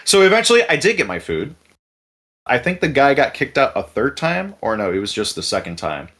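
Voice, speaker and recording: A man telling a story in casual podcast chat, animated and profane, acting out the people he quotes. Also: medium pitch, fairly quick. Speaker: podcast host.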